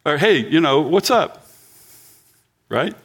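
A man's voice: a little high, sing-song, takes it slowly, fairly bright tone, breathy edge. A man in his sixties preaching a sermon in a church, chatting and joking with the congregation. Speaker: pastor.

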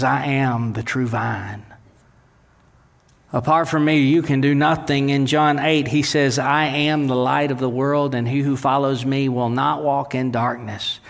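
A male pastor preaching a sermon, animated, dropping low and slow when quoting scripture. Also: creaky. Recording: long reverb of a large hall.

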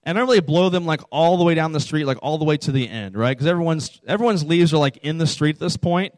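A man's voice: on the high side, fast, no room sound. A young man, a youth pastor, telling a personal story to a youth group in a casual, conversational way, often checking in with "right?".

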